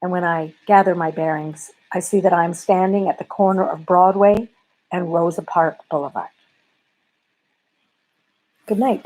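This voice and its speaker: A comic storyteller from Canada, telling a bedtime story in a wry, conversational, self-deprecating way. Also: female voice, on the low side, mellow.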